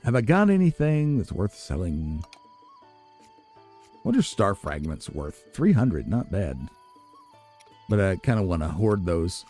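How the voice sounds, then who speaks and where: A man giving relaxed, musing commentary as he plays a video game, chuckling at himself now and then. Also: sits low, measured pace, long pauses, soft background music. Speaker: let's play gamer. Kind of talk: casual gameplay commentary.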